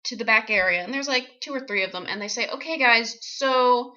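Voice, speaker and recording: A woman with a bright, crisp voice recounting her own misadventure as an actress. She tells it in an animated, wry way, full of sarcastic asides. The sound is muffled and lo-fi. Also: medium pitch, fast. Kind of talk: comic personal storytelling.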